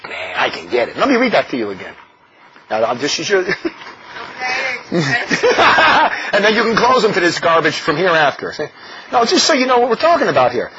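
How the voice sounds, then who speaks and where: A man preaching a sermon in an animated, mocking way, often laughing as he talks. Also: high voice. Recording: dull lo-fi recording with faint noise.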